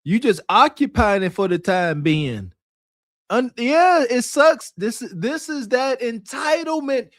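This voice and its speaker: A man's voice: very high-pitched, lively intonation, a little slow, no echo, studio quality. A man co-hosting a podcast, giving mocking, emphatic commentary. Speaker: podcast co-host. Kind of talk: casual commentary.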